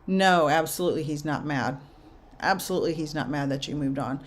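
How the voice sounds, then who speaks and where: A young adult woman medium giving spirit messages to viewers in a casual live chat, halting and soft-spoken. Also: low voice. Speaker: medium answering viewer questions.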